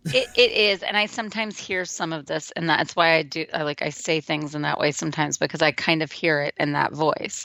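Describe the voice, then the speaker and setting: A woman's voice: low-pitched, brisk, gravelly, a bit bright, no echo. A woman co-hosting a radio talk show, chatting in a rambling, casual way with lots of restarts. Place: radio studio.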